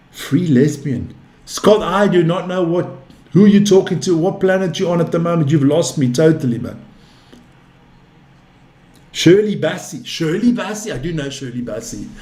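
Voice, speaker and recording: A man's voice: a little high, animated, normal speed, darkish tone. Chatty man calling darts scores. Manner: chatty, calls scores and answers viewer chat. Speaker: darts commentator and stream host. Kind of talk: casual live darts commentary. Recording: roomy echo.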